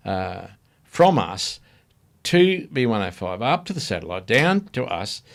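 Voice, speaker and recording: An Australian man, middle-aged, telling lively anecdotes in a casual podcast chat, laughing often and acting out voices. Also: fairly low pitch, unhurried, vocal fry. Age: 40s. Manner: animated storyteller, laughs a lot, acts out voices. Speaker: radio host guest.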